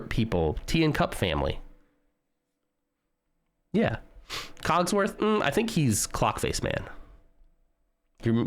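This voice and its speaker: A man streaming live, chatting casually and joking with his viewers as he browses. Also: medium pitch. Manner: chatty, joking, talks to chat while browsing.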